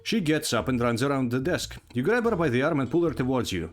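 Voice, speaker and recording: A man's voice: medium pitch, lively intonation, quick pace, faint music behind. A man reading aloud a text adventure game as a story, with casual asides. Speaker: player narrating a text adventure.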